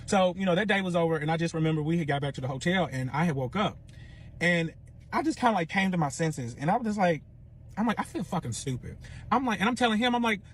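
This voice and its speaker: A man's voice: high-pitched, quick pace, slight background noise. A young man telling a personal story in casual, profane speech, acting out the other people's lines as he goes. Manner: profane, animated retelling with quoted dialogue.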